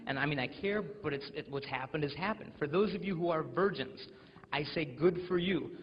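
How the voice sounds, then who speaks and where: A man's voice: fairly high pitch, slight background noise. Joking young man in a reverberant hall. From United States. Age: 20s. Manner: jokey, animated storytelling with acted quotes. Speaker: chastity speaker. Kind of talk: humorous motivational talk to teens. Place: large school hall with audience. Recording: lo-fi recording with long hall reverb.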